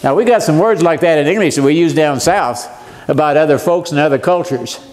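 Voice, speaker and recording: A man's voice: fairly high pitch, fairly quick, a little mellow. A man, giving a folksy Bible lesson and joking with the audience. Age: 70s. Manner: joking, asks the audience questions. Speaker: seminar speaker.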